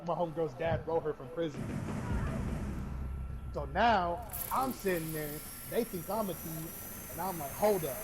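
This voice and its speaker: A man's voice: a little high, measured pace, pauses often, background noise. A young man casually telling a profane story while gaming, acting out each quote. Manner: profane, acts out every quote. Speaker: streamer. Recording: loud game gunfire behind.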